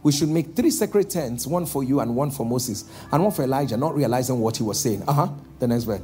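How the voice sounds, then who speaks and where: A man preaching a sermon as pastor, calling out to the congregation and slowing down for emphatic lines. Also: medium pitch, lively intonation. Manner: calls out to the congregation, shifting between loud exhortation and slow emphatic lines.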